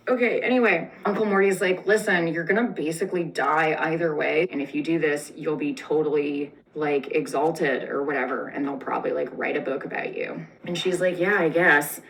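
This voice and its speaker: A woman's voice: sits low, fairly bright tone, far from the mic, rough recording. A young woman retelling a story for comedy, sarcastic and profane, full of "like" fillers and snarky asides.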